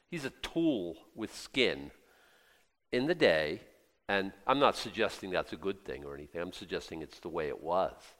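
Low-voiced preacher in a reverberant hall. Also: male voice, fairly bright tone. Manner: conversational, quizzes the audience, repeats words. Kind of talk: sermon.

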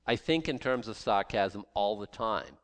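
A man teaches from scripture in loose, conversational talk, his pitch leaping up and dropping down as he goes. He trips over restarts and leans on sarcasm to make his point. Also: a little slow. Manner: animated, sarcastic asides, frequent restarts. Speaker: Bible teacher.

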